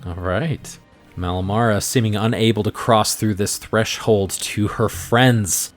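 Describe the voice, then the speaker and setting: Low-voiced man running a tabletop game. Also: fairly even intonation, a little slow, faint music behind. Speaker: game master.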